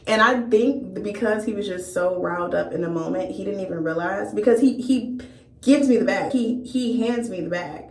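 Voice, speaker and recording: A woman's voice: medium pitch, normal speed, a little mellow, a little hiss or hum. A young woman vlogger telling a storytime tale in a candid, profane, amused way. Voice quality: gravelly vocal fry. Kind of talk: storytime chat. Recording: echoey room.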